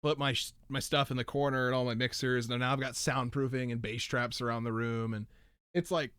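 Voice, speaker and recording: A man's voice: medium pitch, fairly even intonation, a little fast, a bit bright, clear, resonant tone, no room sound. A man hosting a casual podcast chat, rambling animatedly through tangents in a soundproofed home studio. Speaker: podcast host.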